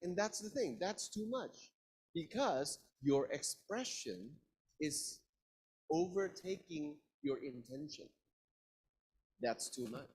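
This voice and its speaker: A man's voice: on the high side, lively intonation, slow pace, a little mellow, slightly rough, poor audio. A man teaching an interactive communication class, asking the students questions and playfully stretching words for emphasis. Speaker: lecturer.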